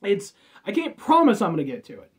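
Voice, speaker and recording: A man's voice: high-pitched, wildly swooping pitch, a little fast. A man from the United States doing a casual, rambling drink review with jokes and offhand swearing.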